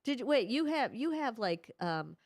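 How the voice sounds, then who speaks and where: A woman's voice: on the high side, sing-song, normal speed, a little mellow, no echo. A woman hosting a casual radio studio chat, telling stories with a chatty, laughing manner. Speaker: radio host.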